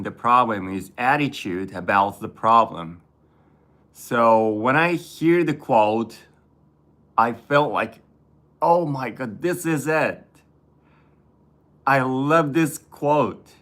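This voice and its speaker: Male host, unhurried halting delivery, everyday conversational tone. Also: medium pitch, fairly bright tone. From Japan. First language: Japanese. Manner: halting, searching for words, frequent restarts. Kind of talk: casual conversation in English.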